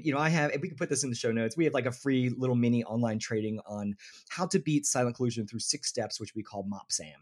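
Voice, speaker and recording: A man talking casually as a podcast guest, telling workplace stories and acting out quotes. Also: mid-range voice. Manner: animated storyteller, acts out quotes. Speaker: inclusion consultant guest.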